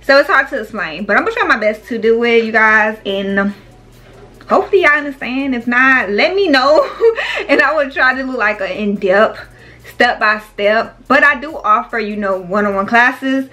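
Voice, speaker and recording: A talkative woman vlogger, chatting straight to her viewers. Her voice sits a little high and has a bright, forceful edge. She keeps calling her audience "y'all" and "baby". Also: animated, moderate pace. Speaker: small business owner and vlogger. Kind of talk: casual chat to viewers.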